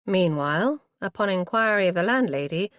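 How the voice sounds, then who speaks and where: Expressive woman narrating an audiobook. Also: lowish voice, normal speed, dry recording, studio quality. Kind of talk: scripted narration.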